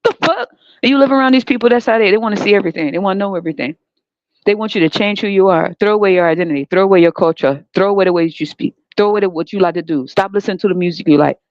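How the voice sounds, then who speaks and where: A woman's voice: mid-range voice, very fast, darkish tone, dry recording. A woman from the United States hosting a podcast, delivering a profane, emphatic unscripted rant full of rhetorical questions. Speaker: podcast host. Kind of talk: unscripted monologue. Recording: dull, dry lo-fi recording.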